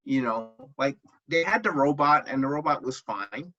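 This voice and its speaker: A man's voice: mid-range voice, expressive, moderate pace, sharp tone. A man co-hosting a casual comic book chat, enthusiastic and filler-heavy. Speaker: podcast co-host. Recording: dull lo-fi sound.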